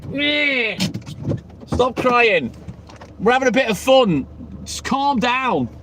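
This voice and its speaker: A man's voice: very high voice, sing-song, takes it slowly, fairly bright tone, a little hiss or hum. A man hosting a live stream and chatting with viewers in sweary, joking banter, recorded on a phone inside a vehicle. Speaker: livestream host. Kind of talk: casual live-stream chat.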